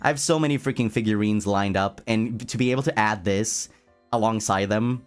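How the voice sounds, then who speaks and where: A man chatting casually on a livestream, playful and animated, reading chat aloud and answering it, laughing often and tripping over words when excited. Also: on the low side, normal speed, soft background music. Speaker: streamer.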